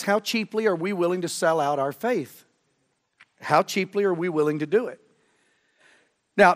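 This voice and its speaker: A middle-aged man preaching a sermon as a guest preacher, fervent, swinging from loud emphasis to low, earnest tones. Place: church sanctuary. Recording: long church reverb.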